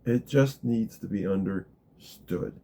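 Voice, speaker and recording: A man leading a gentle guided meditation talk, calm and unhurried, dropping very soft in the guided parts. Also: lowish voice. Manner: slow, gentle, drops to a near whisper in the guided parts. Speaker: spiritual teacher guiding a practice.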